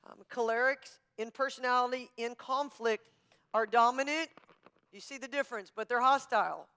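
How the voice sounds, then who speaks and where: A woman pastor teaching a marriage class in an emphatic, forceful, coach-like manner. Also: fairly high pitch, normal speed, smooth. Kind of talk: sermon-style teaching.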